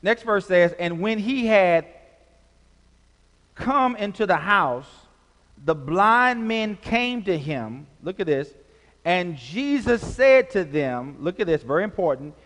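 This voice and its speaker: High-voiced preaching man, echoing hall. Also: animated, a bit bright. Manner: preaching with call-and-response, drawn-out emphasis. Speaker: pastor. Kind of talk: sermon. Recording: long hall reverb.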